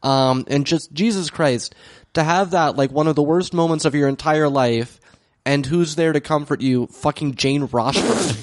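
A man co-hosting a casual chat, relaxed and a bit hesitant, often agreeing with his partner. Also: on the high side, moderate pace, dry recording. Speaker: podcast co-host.

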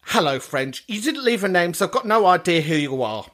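A man's voice: sits high, sing-song, brisk, noisy background. A man hosting a podcast, replying to listener messages with crude, camp, theatrical chat. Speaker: podcast host.

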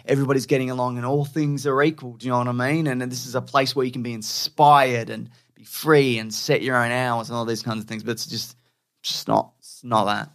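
Guy on a podcast rambling, lots of likes and restarts, blunt, kinda scornful, mid pitch. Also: level tone, brisk, fairly bright tone. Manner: rambling with many fillers and restarts. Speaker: podcast co-host. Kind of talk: casual chat.

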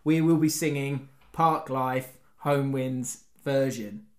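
A man's voice: mid-range voice, takes it slowly, a little mellow. Jokey man reading messages aloud. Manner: jokey, laughs often, reads messages aloud. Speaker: podcast co-host. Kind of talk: casual banter, reading listener messages.

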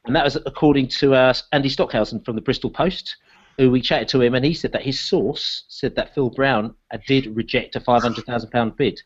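Football podcast host, leads the chat, mid-pitched, dull lo-fi sound. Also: male voice, fairly even intonation, fairly quick. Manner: leads the talk, hands questions to the panel.

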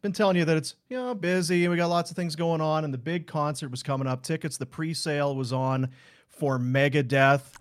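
A man's voice: fairly high pitch, steady tone, brisk. A man hosting a sports podcast in a studio, chatting loosely and reading ad spots. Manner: loose, profane, reads live ad spots. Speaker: podcast host. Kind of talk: casual sports podcast chat.

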